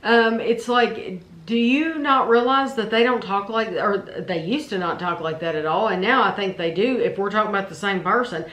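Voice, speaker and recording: A woman's voice: mid-range voice, a bit bright, echoey room. A middle-aged woman with a Kentucky accent, co-hosting a casual vlog chat, rambling with restarts. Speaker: vlog co-host.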